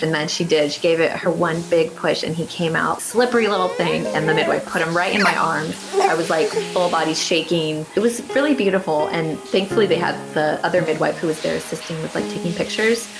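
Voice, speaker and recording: Woman guest telling her story, kinda low voice, lots of fry, says "like" a lot. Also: brisk, hardly any pauses, over music. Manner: chatty, with frequent "like" and acted-out quotes. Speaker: interview guest, author and artist. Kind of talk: casual personal storytelling.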